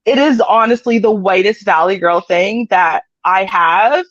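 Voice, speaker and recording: A woman's voice: mid-range voice, unhurried, fairly bright tone, no echo, lo-fi sound. A woman from Canada co-hosting a casual live-stream chat, bubbly and giggly, saying "like" a lot. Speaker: co-host.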